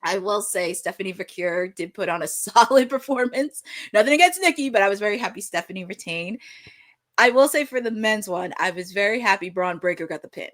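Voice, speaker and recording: A woman's voice: on the low side, a bit bright. A woman co-hosting a wrestling podcast in casual chat, chatty with hesitant restarts. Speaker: podcast co-host.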